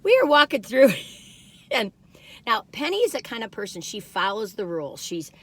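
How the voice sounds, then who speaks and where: A woman's voice: on the high side, very animated, normal speed. A woman in her sixties, chatting in a bubbly, rambling way with many asides as she reviews food. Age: 60s. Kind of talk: casual chatty storytelling.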